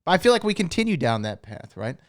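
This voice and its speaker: A man's voice: on the high side, sing-song, quick pace, dry recording, clean studio sound. A man co-hosting a podcast, upbeat and casual as he sets up clips for discussion. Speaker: podcast co-host. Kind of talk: casual chat.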